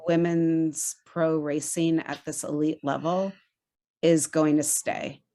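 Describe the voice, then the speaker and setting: Low, flat-voiced woman, earnest guest. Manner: earnest, enthusiastic, speaks in halting restarts. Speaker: documentary executive director. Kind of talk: podcast interview guest.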